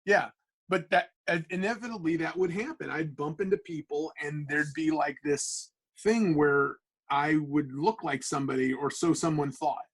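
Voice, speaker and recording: A man, a comic book artist guest, telling stories in casual podcast chat with animated, stammering restarts. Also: on the high side, moderate pace, husky, poor audio.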